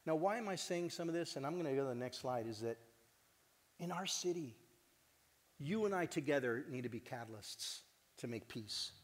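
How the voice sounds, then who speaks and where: A man's voice: on the high side, moderate pace. Earnest man speaking in a reverberant hall. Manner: earnest, animated, jokes with the audience. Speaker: executive director giving a conference talk. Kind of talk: heartfelt conference address.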